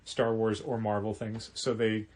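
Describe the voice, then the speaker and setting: A man's voice: on the low side, level tone, unhurried, darkish tone. A man co-hosting a comic shop podcast, talking in a chatty, rambling way with lots of restarts. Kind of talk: casual chat.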